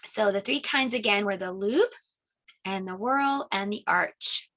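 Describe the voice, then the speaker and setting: A woman presenting a children's lesson video, gentle and teacher-like. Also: mid-range voice, measured pace. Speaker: homeschool teacher.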